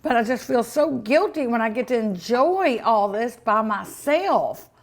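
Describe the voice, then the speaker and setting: A woman's voice: fairly high pitch, animated, a little slow, a little hiss or hum. A woman hosting a cooking show, tasting her food with many delighted mmms and chatting to her dog and her viewers. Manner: sometimes talks with mouth full. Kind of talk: casual food tasting vlog.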